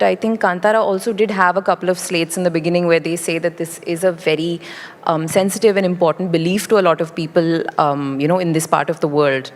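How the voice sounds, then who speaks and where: Young actress on stage, thoughtful and chatty, slightly low voice, big echoey hall. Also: female voice. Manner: articulate, thoughtful, lively with light laughs. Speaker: actress guest. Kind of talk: conversational interview on stage. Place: large indoor conference stage. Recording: reverberant event hall.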